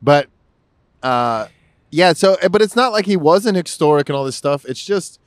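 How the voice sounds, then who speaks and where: A man's voice: on the high side, expressive, normal speed, clear, resonant tone, no room sound. Male podcast co-host, casual and profane, rambling, dry close-mic sound. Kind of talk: casual political chat.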